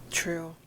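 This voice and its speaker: A woman hosting a casual podcast chat, easygoing and self-deprecating, asking her guests questions. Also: noisy background. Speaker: podcast host.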